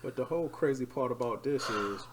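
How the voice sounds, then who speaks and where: A woman's voice: a bass voice, fairly quick, husky, low-quality recording. A woman co-hosting a podcast, chiming in with short comments in a casual chat. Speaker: podcast co-host.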